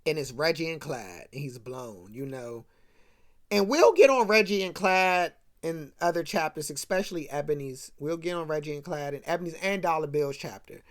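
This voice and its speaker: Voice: mid-range voice, expressive, moderate pace. Movie recap ranter, slangy and loose, keeps asking "right?". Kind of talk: casual rant retelling a film.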